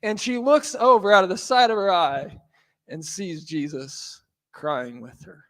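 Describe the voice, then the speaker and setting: Preacher guy, high voice, super animated storytelling. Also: measured pace. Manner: animated storytelling, acting out quotes. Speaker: pastor. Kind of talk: sermon.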